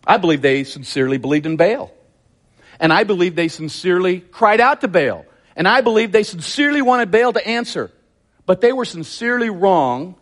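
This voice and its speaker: A man preaching a sermon, retelling a scripture story with lively, acted-out quotes. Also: a little high. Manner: animated, acts out quotes in a raised voice. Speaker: pastor.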